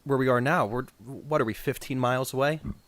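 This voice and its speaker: Мужчина с нью-джерсийским акцентом, соведущий подкаста, говорит спокойно и рассудительно, средний тембр, сухая запись. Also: male voice, medium pitch, fast, fairly bright tone, no echo. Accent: New Jersey. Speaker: podcast co-host. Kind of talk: casual podcast chat.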